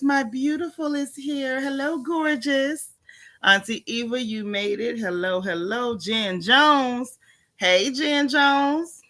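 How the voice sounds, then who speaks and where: Bright-voiced chatty woman. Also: fairly high pitch. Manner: chatty, folksy, greets viewers by name. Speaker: livestream host. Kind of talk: casual livestream chat.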